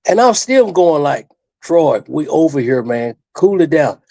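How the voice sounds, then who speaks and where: A man's voice: on the high side, sing-song, measured pace, warm tone, dry recording. An older man, a retired wrestler, tells a long story as a guest in a studio interview. He rambles and stresses his points, restarts often and repeats his phrases.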